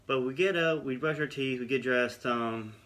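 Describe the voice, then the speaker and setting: A young man tells a long personal story to his viewers in a casual vlog. His voice sits at an ordinary middle pitch. He rambles, doubles back and pokes fun at himself as he goes. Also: normal speed, fairly bright tone. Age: young adult. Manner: rambling, self-deprecating, conversational. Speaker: vlogger.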